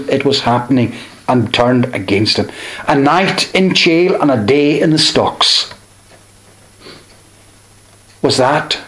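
Slow, measured male preacher, echoey room. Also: a little high. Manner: slow, measured preaching with pauses between phrases. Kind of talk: sermon.

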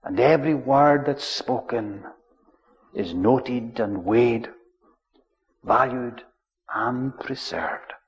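A preacher delivers his sermon at an unhurried pace, leaning on key words with solemn weight. His voice sits at a middling pitch for a man. The recording is dull and lo-fi, with a long reverb trailing through the church. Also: gravelly.

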